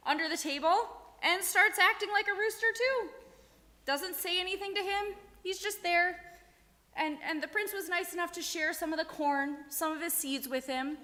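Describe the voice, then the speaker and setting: Lady telling a story to kids in a synagogue, high and lively, pretty echoey. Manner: animated, asks the kids questions. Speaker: children's storyteller. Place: synagogue sanctuary. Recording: echoey hall.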